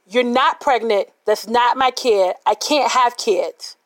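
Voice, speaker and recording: Woman quoting an angry man, threatening, menacing, slightly high voice. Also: slow, no echo. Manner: shouting, menacing.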